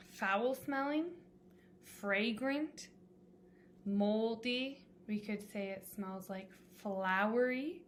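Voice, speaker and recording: A woman's voice: mid-range voice, a little hiss or hum. A woman teacher giving a classroom lesson, explaining patiently and step by step with examples.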